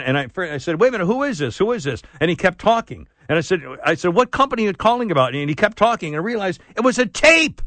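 A man hosting a talk radio show, telling rambling anecdotes with frequent laughter and mock outrage, clearing his throat now and then. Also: sits high, big pitch swings, quick pace, fairly bright tone, no echo. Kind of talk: casual talk radio banter. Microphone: studio broadcast mic.

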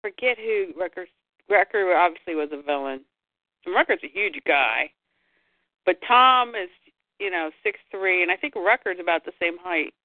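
A woman's voice: fairly low pitch, animated, moderate pace, no room sound. A woman co-hosting a casual chat show, sharing a memory in an enthusiastic, rambling way. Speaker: podcast co-host. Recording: dry, phone-like narrow sound.

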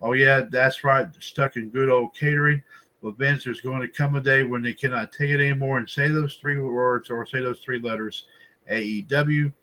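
A man hosting a casual wrestling podcast, his pitch sitting in an ordinary middle range. He rambles, loops through repeated filler phrases and talks straight to his listeners as folks. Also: steady tone, moderate pace, pushed and bright, poor audio. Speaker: podcast host.

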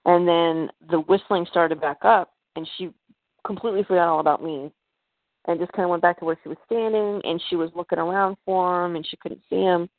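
A woman's voice: on the low side, fairly even intonation, a little fast, no echo. Hesitant woman on a tinny line. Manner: hesitant, many fillers and restarts. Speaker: podcast guest. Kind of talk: telling a personal story.

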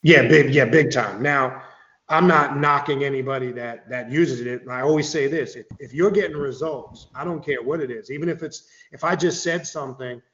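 A man's voice: medium pitch, normal speed, a bit bright, reverberant, highs cut off. A man explaining occult ideas in casual talk, rambling with restarts and the odd curse word. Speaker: occult author guest.

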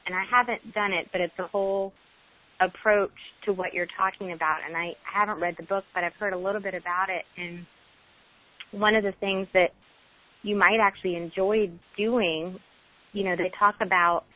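A woman on a group call, thoughtful and a bit hesitant, offering an idea to another participant. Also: on the low side. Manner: thoughtful, hesitant with fillers and restarts. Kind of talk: casual sharing on a group call. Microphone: phone call. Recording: tinny phone line.

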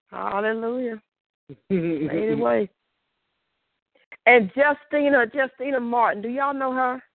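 A woman giving a rambling church testimony, halting with fillers and restarts and breaking into praise to God. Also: a little high, gravelly, phone-quality sound.

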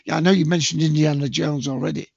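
A man's voice: on the high side, fairly even intonation, fast talker, creaky, darkish tone, slightly rough, no room sound, highs cut off. A man co-hosting a podcast, chatting casually in a rambling, hesitant way with many fillers. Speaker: podcast co-host. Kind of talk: casual chat.

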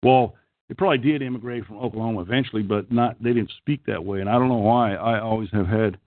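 A man's voice: on the low side, fast talker, no room sound. Profane middle-aged Okie man on a call line. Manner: crude, profane, rambling. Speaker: call-in show host. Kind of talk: casual call-in chat. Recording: tinny phone-like call line.

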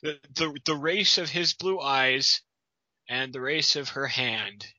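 Slow, bright-voiced sarcastic man. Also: mid-range voice, no room sound, highs cut off. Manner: sarcastic, incredulous, swears. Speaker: co-host reading a fan story. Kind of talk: comedic reading and riffing.

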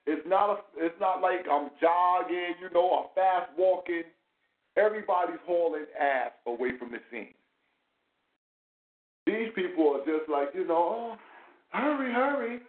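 A man hosting a casual commentary chat, animated and profane, full of rhetorical questions. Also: on the high side, a little slow. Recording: tinny phone-like sound in an echoey room.

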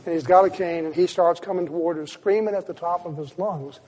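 Man, storyteller at a talk, husky, with a long reverb from a big hall. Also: high voice, brisk, few pauses, a little mellow. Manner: vivid storytelling with many restarts. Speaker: speaker. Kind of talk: storytelling lecture.

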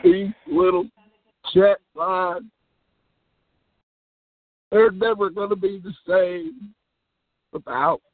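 A man's voice: high-pitched, very animated, takes it slowly, long pauses, dry recording. A man prank-calling a phone chat line, putting on an over-the-top grieving manner. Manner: theatrical fake grief, exaggerated swoops. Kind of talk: prank call, mock-mournful speech. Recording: phone-line audio, dry.

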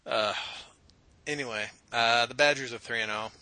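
A man's voice: mid-range voice, moderate pace, bright, forceful tone, low-quality recording. A man hosting a casual sports podcast, laid-back, swearing casually and laughing often. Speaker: podcast host.

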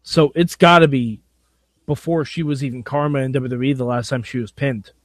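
A man co-hosting a wrestling podcast, excitable and goofy, laughing often. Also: mid-range voice, normal speed, no echo. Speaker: podcast co-host. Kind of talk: casual podcast chat.

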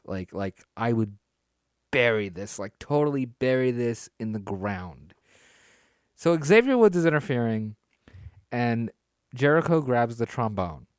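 A man co-hosting a casual wrestling podcast, animated and laughing, drawing words out for emphasis. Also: mid-range voice, dry recording, studio quality. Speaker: podcast co-host.

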